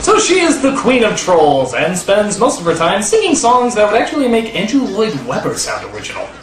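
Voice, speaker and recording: Sarcastic shouty man reviewing a film. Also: high voice, wildly swooping pitch, fairly quick, roomy sound, over music. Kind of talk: comedic rant review.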